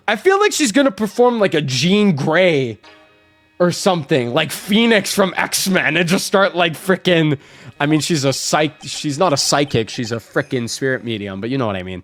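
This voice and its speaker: A man's voice: on the high side, expressive, normal speed, a bit bright, dry recording, soft background music. Chatty man streaming a story game. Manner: chatty, self-correcting, casual cursing. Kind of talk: casual game let's play commentary.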